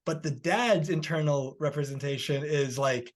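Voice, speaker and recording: A man's voice: a little high, moderate pace, few pauses. A man hosting a podcast interview, earnestly telling a story and offering encouragement, who works as a healer himself.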